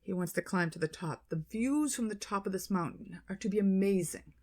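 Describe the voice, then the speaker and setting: Female podcast co-host, casual storyteller, animated, salty language. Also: mid-range voice, brisk. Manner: animated retelling, swearing, quoting people in their voices.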